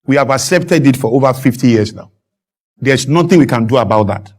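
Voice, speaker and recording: A man, a guest speaking emphatically on a talk show and building to loud, animated peaks. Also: mid-range voice, fairly quick. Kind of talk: impassioned talk-show discussion.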